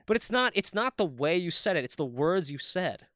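A young man from Minnesota co-hosts a loose, joking podcast and keeps slipping into impressions of local speech. His voice is bright and crisp and sits a little high. It is recorded dry and close to the mic. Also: very animated, normal speed, no room sound. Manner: joking, mimics local dialects. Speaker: podcast co-host. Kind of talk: casual chat.

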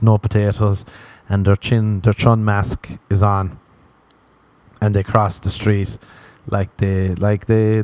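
Man, comedian, podcast monologue, lowish voice, crude and self-mocking, dry close mic. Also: darkish tone, no room sound. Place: city in the western US.

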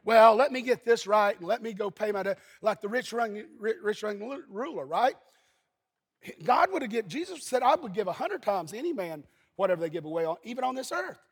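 A high-pitched, husky-voiced man preaches a sermon. He is from Eastern Kentucky and tells folksy stories, now and then breaking into shouts. A long reverb hangs on every line. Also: lively intonation, a little fast. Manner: folksy storytelling, bursts into shouting. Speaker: pastor.

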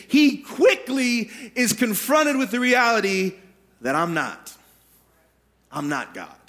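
High-voiced preacher. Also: male voice. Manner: dramatic, swings from booming shouts to hushed low asides. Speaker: pastor. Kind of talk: sermon. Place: church sanctuary.

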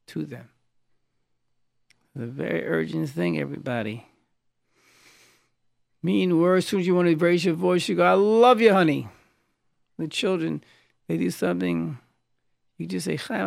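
A man's voice: on the high side, gravelly, a little mellow, dry recording, studio quality. A man, a rabbi, preaching a sermon, telling stories and acting out the quoted lines, often breaking off and restarting words. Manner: storytelling, acts out quoted lines.

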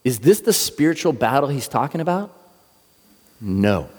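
Brief: middle-aged man, mid-pitched preacher, animated storyteller, long hall echo. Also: normal speed, slightly rough. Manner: animated storyteller acting out quoted voices. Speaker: pastor. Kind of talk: sermon storytelling.

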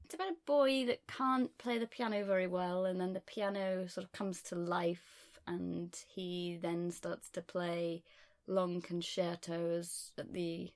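Dry, playful woman with a creaky voice. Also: lowish voice, fairly even intonation, a little slow. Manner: playful absurd questions, dry delivery. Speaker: podcast co-host. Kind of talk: improvised comedy podcast banter.

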